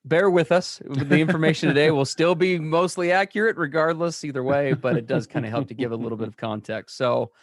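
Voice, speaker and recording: A man's voice: a little high, fairly quick, few pauses, no echo, clean studio sound. A man co-hosting a podcast, talking in a casual, upbeat and joking way, sometimes like a radio disc jockey. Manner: upbeat, energetic, jokey radio-style intro. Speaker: podcast co-host.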